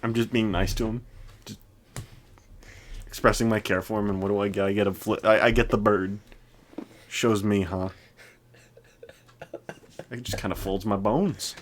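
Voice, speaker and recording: A man's voice: fairly low pitch, steady tone, moderate pace, pauses often, a little hiss or hum. A young man co-hosting a podcast, rambling casually with lots of fillers and laughter. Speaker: podcast co-host. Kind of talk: casual chat.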